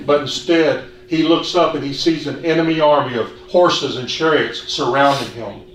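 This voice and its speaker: A man preaching a sermon in an earnest, measured way, asking the congregation questions. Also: fairly high pitch. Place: church hall. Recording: echoey hall, distant mic, faint hiss.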